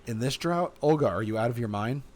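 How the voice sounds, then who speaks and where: A man voicing a calm, professional man in a narrated text game, reading in a measured way. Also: mid-range voice, close to an everyday voice. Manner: cool, measured. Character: calm professional middle-aged man, a seasoned organizer.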